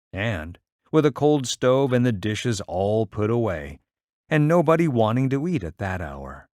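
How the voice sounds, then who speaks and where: A man reading a short story aloud in measured, even storytelling. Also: lowish voice, no room sound, studio quality. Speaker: story reader.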